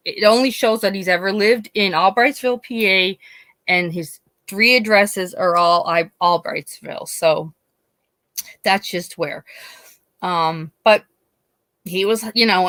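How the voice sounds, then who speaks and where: Woman, casual vlogger chat, rambling restarts, animated storytelling, dry close sound. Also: medium pitch, dry recording. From Scranton, Pennsylvania. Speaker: YouTuber.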